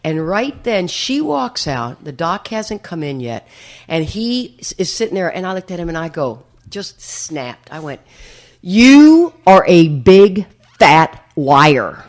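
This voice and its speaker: A woman's voice: fairly low pitch, a little slow. A woman speaking at a recovery meeting, telling a humorous personal story with lots of laughter and acted-out voices. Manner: animated, laughs often, acts out others' voices.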